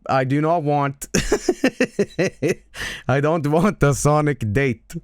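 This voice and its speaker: A man's voice: fairly high pitch, takes it slowly, smooth, no echo, studio quality. A man streaming casual chat, rambling and stammering with lots of swearing and laughing.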